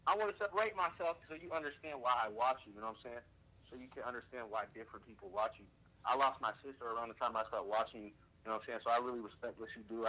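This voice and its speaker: A male caller speaks quickly and earnestly, with a bright, forward voice. His slangy casual talk stays heartfelt throughout. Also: medium pitch, low-quality recording. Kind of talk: casual call-in chat.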